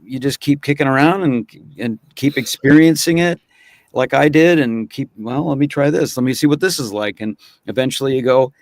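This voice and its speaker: A man's voice: mid-range voice, normal speed, no room sound. Thoughtful man, dry close sound. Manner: thoughtful, restarts phrases while reflecting. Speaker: guest voice actor. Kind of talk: casual chat.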